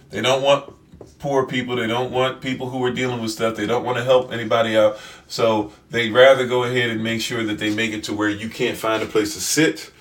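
A man's voice: mid-range voice, fairly bright tone, a little hiss or hum. A man giving a lecturing livestream talk, repeating "right?" and restarting his sentences, now and then addressing viewers and a partner off-mic. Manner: repetitive, rhetorical "right?" checks, stammering restarts; talks to live chat and a partner off-mic. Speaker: livestream host.

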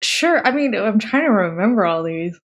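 A woman's voice: mid-range voice, lively intonation, moderate pace, lo-fi sound. A woman co-hosting a casual film podcast, who talks in a playful, self-mocking way and giggles often. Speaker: podcast co-host.

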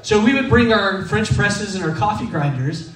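This thirty-something Texas preacher has a high, slightly bright voice with lively intonation and a normal speaking speed. He shares his sermon through easygoing, funny, self-mocking stories, and the distant mic picks up plenty of room echo.

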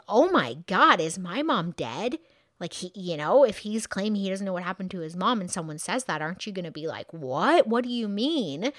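A woman's voice: medium pitch, no room sound, studio quality. A woman hosting a true crime podcast, recounting a case in a casual, conversational way with frequent asides and fillers.

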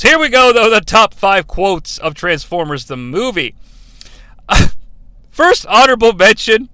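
A man's voice: sits high, pushed and bright, dry recording. A man hosting a countdown show in casual commentary, enthusiastic and rambling into asides, often laughing as he talks.

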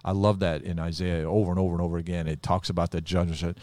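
A man co-hosting a casual Bible chat, chiming in calmly with short remarks. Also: sits low, fast talker, no echo. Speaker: Bible teacher co-host.

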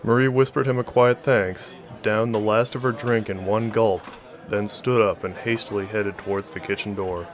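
A man narrating a novel as an audiobook in a steady, even storytelling voice. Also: lowish voice, moderate pace, soft background music.

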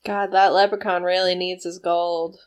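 A woman's voice: on the low side, flat delivery, moderate pace, clear, resonant tone. A woman co-hosting a casual movie commentary, making wry, profane remarks about the film. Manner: wry, swearing, laughing asides. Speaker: podcast co-host.

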